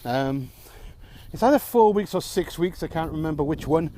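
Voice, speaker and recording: A man vents to camera in a ranting vlog, frustrated and sarcastic, swearing as he goes. His pitch swings widely from high to low. A faint hiss sits under the recording. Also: expressive, moderate pace, dark tone. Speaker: vlogger.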